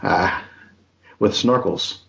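A man's voice: fairly low pitch, slow, gravelly, a bit bright. A man co-hosting a comedy podcast, with dry, self-deprecating humor. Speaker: podcast co-host.

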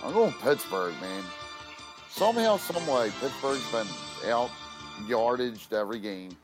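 A man's voice: medium pitch, animated, a little slow, over music. A man co-hosting a casual sports podcast, talking bluntly and joking around.

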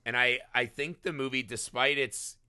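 A man hosting a casual film discussion podcast, animated and peppering his talk with "right?". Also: medium pitch, normal speed, smooth, no echo. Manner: animated, swearing, frequent "right?". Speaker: podcast host.

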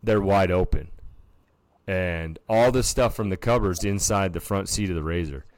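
His voice sits low and darkish, moving at a moderate pace with no echo. He co-hosts a casual podcast, animatedly recounting a story sprinkled with filler words.

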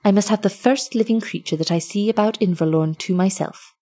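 Woman voicing a solemn hushed fairy maiden. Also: mid-range voice, fairly quick, lightly acted. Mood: calm. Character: mysterious young fairy maiden, calm, solemn.

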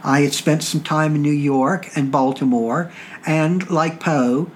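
A man from Virginia with a Southern accent, hosting a podcast and explaining things in a measured, deliberate way. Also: on the high side, fairly even intonation, slight background noise. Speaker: podcast host.

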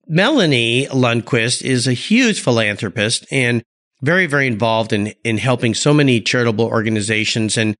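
A man's voice: mid-range voice, lively intonation, moderate pace, a bit bright. A man hosting a podcast interview, upbeat and speaking directly to his listeners. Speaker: podcast host. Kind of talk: conversational interview.

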